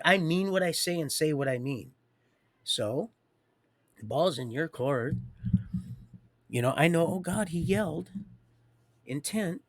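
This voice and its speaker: An older man hosting a livestream, giving a halting, preachy spiritual monologue that drops to whispers and rises to loud declarations. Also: fairly high pitch, dry recording, clean studio sound. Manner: halting, many restarts. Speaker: livestream host.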